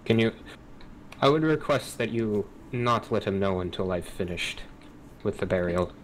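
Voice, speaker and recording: A man playing a tabletop role-playing game, speaking in character as a priest in formal, measured speech. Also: fairly low pitch, expressive, slight background noise, rough recording. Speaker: player.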